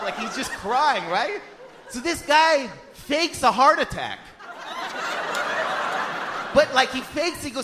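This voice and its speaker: Stand-up comic, man in his 30s, very high and bright voice, lively delivery over faint room noise. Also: measured pace, a crowd in the background. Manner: animated storytelling, often yelling impressions of family. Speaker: stand-up comedian. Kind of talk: stand-up comedy set.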